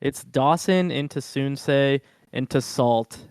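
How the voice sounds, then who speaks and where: A man's voice: mid-range voice, slow, smooth, no echo, clean studio sound. A man as a guest on a panel talk show, making short, blunt statements. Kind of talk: casual panel chat.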